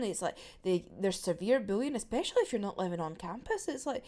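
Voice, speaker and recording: A young Scottish woman reviews manga in casual, giggly chat. Her voice sits a bit high and swings widely in pitch as she acts out characters' lines. She swears freely. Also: sing-song, fast, hardly any pauses.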